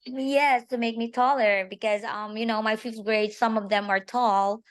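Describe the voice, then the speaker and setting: A woman's voice: on the high side, steady tone, normal speed, no echo. Hesitant woman teacher, dry sound. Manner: hesitant, many fillers and restarts. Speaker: teacher, meeting participant. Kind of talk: casual sharing on a video call. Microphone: video call.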